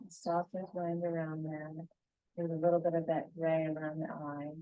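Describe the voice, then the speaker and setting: A woman teaching a painting tutorial, talking calmly and gently through each brushstroke. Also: deep voice, moderate pace, no room sound, phone-quality sound. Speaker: painting instructor.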